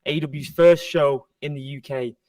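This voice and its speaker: Earnest male journalist, slightly high voice; dry, distant press-room sound. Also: steady tone, moderate pace, a little mellow, dry recording. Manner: polite, earnest questioning. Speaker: wrestling journalist. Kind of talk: asking a press question.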